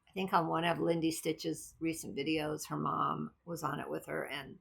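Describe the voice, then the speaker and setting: A woman's voice: low voice, little pitch movement, moderate pace, creaky, a little hiss or hum. A woman vlogger chatting casually about her cross stitch projects, rambling and thinking aloud as she goes. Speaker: craft vlogger. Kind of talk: casual chat.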